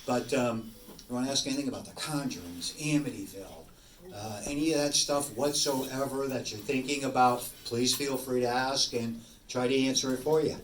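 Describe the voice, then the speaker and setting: Here the sixty-something man's voice is medium in pitch and his speed normal as he casually talks to an audience about his paranormal investigations. His stories ramble, and he animatedly voices both sides of exchanges. The recording has an echoey room sound, a far-off mic, and faint noise.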